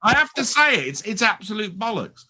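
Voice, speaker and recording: A British man holds forth on his live stream, blunt and ranting, swearing freely in casual chat. His voice is bright and forward and sits a little high. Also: big pitch swings, brisk. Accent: British English.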